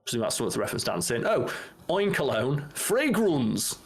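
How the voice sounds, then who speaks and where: A man's voice: medium pitch, big pitch swings, fast talker. A man co-hosting a podcast in casual chat, swearing freely and reading out names. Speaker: podcast co-host.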